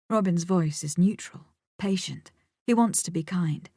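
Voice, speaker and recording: A woman narrating an audiobook in the first person, measured and intimate, sometimes dropping almost to a whisper. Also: lowish voice, mellow, no room sound, studio quality.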